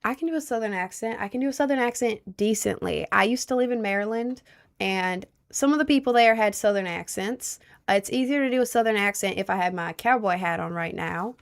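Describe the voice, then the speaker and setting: A woman's voice: medium pitch, fairly quick, gravelly. A young woman livestreaming from home, chatting casually and answering viewer messages, rambling with lots of fillers. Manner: rambling with many likes and I don't knows.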